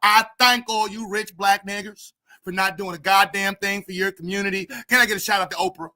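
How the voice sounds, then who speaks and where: A man voicing a mocking country white man who slows his words and calls out like a preacher at a rally. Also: high-pitched, level tone, bright, forceful tone. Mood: preachy. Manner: drawn-out preacher-style rally cries.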